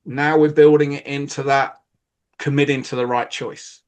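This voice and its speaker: A man's voice: medium pitch, level tone, normal speed. A British man co-hosting a podcast, explaining coaching ideas in casual talk and acting out quotes from players and coaches.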